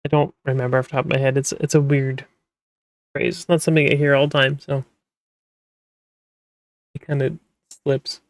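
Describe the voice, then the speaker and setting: A man's voice: mid-range voice, little pitch movement, normal speed, gravelly, pauses often, dry recording. A man who works as a manga translator, talking casually and rambling with many fillers and restarts. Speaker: manga translator, podcast host. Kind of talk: casual explanatory talk.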